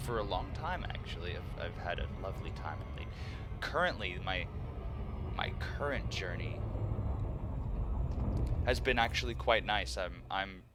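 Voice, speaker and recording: A man in his thirties chatting casually on a live stream, animated and laughing often with nerdy enthusiasm. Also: fairly low pitch, background noise.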